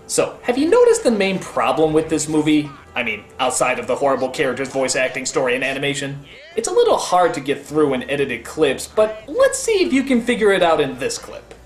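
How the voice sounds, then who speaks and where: A man giving a comedic film review, ranting and exasperated, breaking into shouts. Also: fairly high pitch, huge pitch swings, brisk, echoey room.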